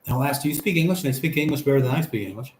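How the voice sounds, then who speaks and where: A man's voice: mid-range voice, lively intonation, racing. An older man hosting a live stream, chatting casually and reading viewer comments aloud before answering them. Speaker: livestream host reading chat. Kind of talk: casual chat. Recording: echoey room with faint background hum.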